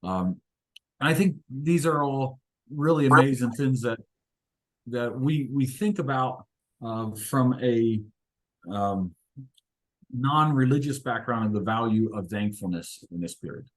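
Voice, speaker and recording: Guy leading an inspirational chat, tells stories, lots of ums, middle pitch. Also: expressive, unhurried. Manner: hesitant, many fillers, reflective. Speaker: discussion leader. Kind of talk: inspirational talk with storytelling.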